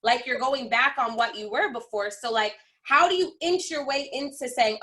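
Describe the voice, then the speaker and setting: A woman's voice: sits high, moderate pace, few pauses, sharp tone. A woman hosting a virtual call, chatting casually and thinking aloud. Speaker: host. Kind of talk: casual chat. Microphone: video call.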